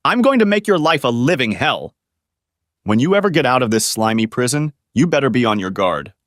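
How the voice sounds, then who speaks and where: A man voicing an angry middle-aged judge who shouts threats at a prisoner. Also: mid-range voice, very animated, fairly quick, no echo, clean studio sound, lightly acted. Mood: furious. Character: furious vengeful middle-aged male judge.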